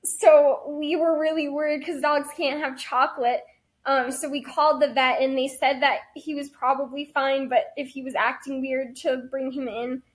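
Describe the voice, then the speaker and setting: Young woman podcast co-host; high voice; relaxed storytelling with dry quips. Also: moderate pace. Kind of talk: casual podcast chat.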